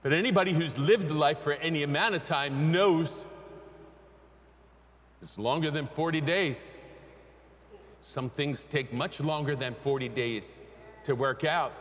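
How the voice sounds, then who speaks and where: A man preaching in a large church, his voice sitting a bit high for a man and ringing out with a long reverb. He moves between quiet storytelling and sung call and response with the congregation. A faint room hum sits underneath. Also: measured pace, long pauses. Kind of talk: sermon with sung spiritual. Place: church sanctuary.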